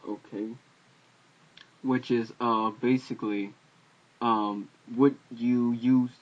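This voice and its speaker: A man giving a casual recorded lesson, explaining letters slowly with many fillers and repeated sounds. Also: medium pitch, steady tone. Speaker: language teacher. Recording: dull lo-fi home video audio.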